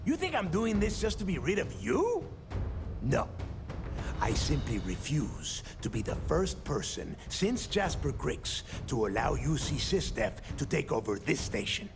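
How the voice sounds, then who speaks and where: A man's voice: on the high side, huge pitch swings, measured pace, heavily acted. An actor playing a proud, taunting male pirate captain in a video game, speaking in a theatrical, defiant way. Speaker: game character. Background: game music.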